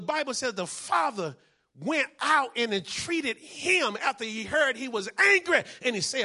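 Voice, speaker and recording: Male pastor, high bright voice, call-and-response preaching. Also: very animated, measured pace, husky. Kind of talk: sermon.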